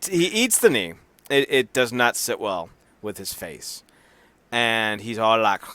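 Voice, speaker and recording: A man's voice: medium pitch, bright, forceful tone, dry recording. A man co-hosting a casual wrestling podcast, cracking profane jokes and acting out quotes in silly voices. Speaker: podcast co-host.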